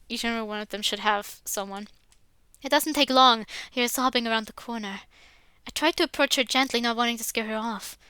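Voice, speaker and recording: A woman's voice: on the high side, sharp tone, clear, resonant tone, dry recording. A woman reading a visual novel aloud in the first person, adding casual asides with filler words.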